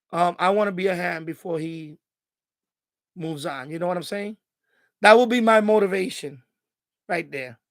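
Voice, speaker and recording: This middle-aged man's voice is high-pitched and gravelly, with no room sound. On his casual home live stream he rambles, restarts constantly, and becomes emotional to the point of choking up.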